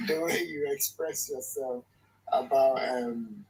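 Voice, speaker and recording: A man joining by online call, chatting casually with frequent laughs and halting restarts. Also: medium pitch, expressive, noisy background. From Nigeria. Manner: laughs often, halting and mixes in Yoruba phrases. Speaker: guest. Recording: distant call audio.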